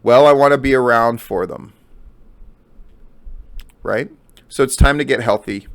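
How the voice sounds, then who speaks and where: A middle-aged man delivers solo commentary on wrestling news, blunt and profane with heavy swearing, repeating his points for emphasis. He speaks unhurriedly at medium pitch.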